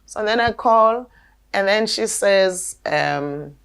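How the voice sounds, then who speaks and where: A woman's voice: medium pitch, takes it slowly, gravelly. Emphatic woman. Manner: emphatic and insistent, with frequent word repeats. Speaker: alternative health practitioner. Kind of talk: conversational storytelling.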